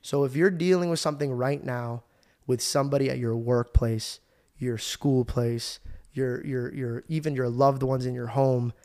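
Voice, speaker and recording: A young adult man hosting a podcast, telling stories in a casual, animated way, swearing and saying "bro" a lot. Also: mid-range voice. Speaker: podcast host.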